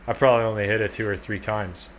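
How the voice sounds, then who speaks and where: A man with a fairly low voice tells a loose, rambling story, swearing freely and keeping a laid-back tone. Faint noise hums behind him. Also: fairly even intonation, fast talker. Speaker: podcast co-host. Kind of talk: casual storytelling chat.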